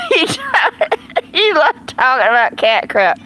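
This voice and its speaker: A woman's voice: high-pitched, big pitch swings, takes it slowly, bright, forceful tone, a little hiss or hum, rough recording. A woman hosting a casual live stream, chatting bluntly and rambling while answering viewers' comments. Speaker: live-stream host reading chat.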